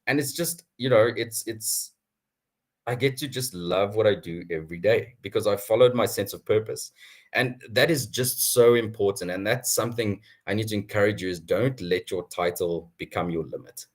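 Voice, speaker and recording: A young man telling his career story at an online town hall in an animated way, chuckling often. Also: fairly low pitch, normal speed. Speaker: guest speaker.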